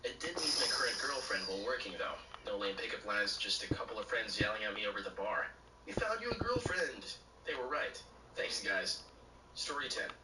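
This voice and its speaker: A man's computer-generated voice reading short stories aloud in a flat, even way. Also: fairly low pitch. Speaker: story narrator. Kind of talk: text-to-speech reading of bartender stories. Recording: echoey, distant, noisy.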